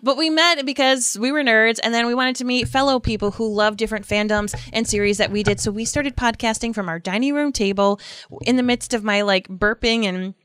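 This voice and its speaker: A woman's voice: on the high side, fairly even intonation, a little fast, a bit bright, clean tone, no echo. A woman with a Rhode Island accent, a blend of Boston and New York, co-hosting a podcast from her home studio in bubbly, chatty banter. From Rhode Island, USA. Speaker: podcast co-host. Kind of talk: casual podcast chat.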